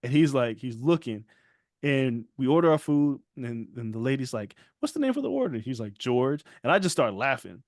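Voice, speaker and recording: Speaking at a normal pace and medium pitch, a man co-hosting a podcast tells a story in casual talk. The studio sound is clean with no room tone, and he's a lively storyteller who acts out quotes and laughs a lot.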